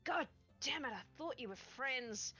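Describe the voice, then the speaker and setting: A woman voicing a foul-mouthed male rabbit prisoner who swears and shouts in frustration during a tabletop game. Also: sits high, expressive, unhurried, breathy edge, soft background music, full character voice. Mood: furious. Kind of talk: tabletop role-play voicing.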